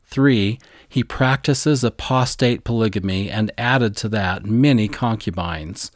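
A man's voice: lowish voice, dry recording, studio quality. Eager man teaching a scripture lesson. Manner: eager, deliberate, spells out pronunciations. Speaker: podcast co-host teaching scripture.

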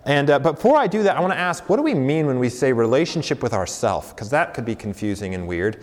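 A man's voice: mid-range voice, big pitch swings, fast. A young adult man preaching a conversational sermon as a campus pastor, with frequent fillers and self-corrections. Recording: long hall reverb.

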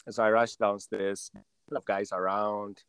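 A man's voice: on the low side, flat delivery, moderate pace, a bit bright, smooth, dry recording. A young man, a doctor, telling his story casually, often stumbling and repeating words. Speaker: doctor guest. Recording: noticeable background noise.

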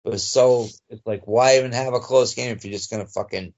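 A man's voice: mid-range voice, steady tone, fairly quick, darkish tone. Easygoing man on dull lo-fi audio. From North Shore of Boston area. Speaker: podcast guest. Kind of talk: casual chat.

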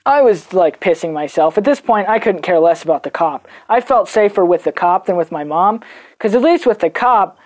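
A young woman telling a personal story on her podcast, casual and animated, swearing and acting out the people she quotes in different voices. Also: fairly low pitch. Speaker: podcast host.

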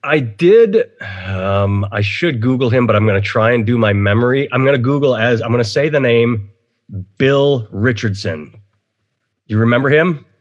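A man's voice: mid-range voice, animated, normal speed, dull audio. A man hosting a casual podcast, rambling opinionatedly and swearing freely. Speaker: podcast host. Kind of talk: casual chat.

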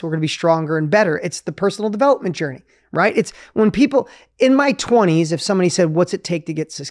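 Man in his fifties hosting a podcast. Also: sits high. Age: 50s. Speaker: podcast host. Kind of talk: podcast interview.

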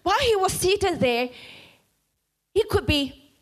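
A woman preacher tells a story in a sermon with dramatic flair, often stammering and repeating words. Her voice is very high and moves widely in pitch. She speaks slowly and draws the story out. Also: animated.

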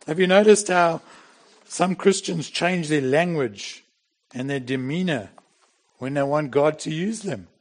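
A man's voice: a little high, measured pace. A middle-aged man preaching a sermon in a plain, conversational way, with bursts of emphasis. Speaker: pastor.

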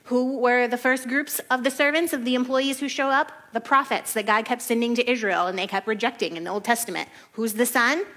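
A woman giving a casual Bible study, chatty and animated, often laughing and saying "like". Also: on the high side, fairly quick, hardly any pauses. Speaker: Bible teacher.

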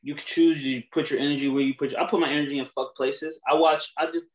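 A man's voice: a little high, fast talker, roomy sound, a crowd in the background. A young man co-hosting a podcast, telling stories in casual, profane chat with bursts of laughter. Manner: animated, profane, laughing storyteller. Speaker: podcast co-host.

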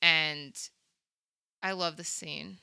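Podcast co-host, female, bright and crisp, dry close sound, animated recapper. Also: sits low, no echo. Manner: animated storytelling, quick asides and laughs. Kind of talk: casual movie recap chat.

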